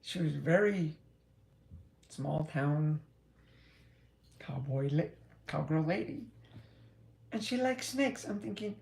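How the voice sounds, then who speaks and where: A woman's voice: low voice, expressive, slow, gravelly, pauses often, a little mellow, reverberant. A woman who drives a truck, chatting casually and rambling with frequent laughs. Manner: chatty, meandering, laughs often.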